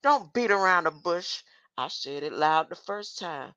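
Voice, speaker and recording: A woman's voice: on the low side, animated, measured pace, a bit bright, dry recording, highs cut off. A woman talking casually on a livestream to her chat, rambling and often tossing in "huh?". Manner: rambling, keeps asking "huh?".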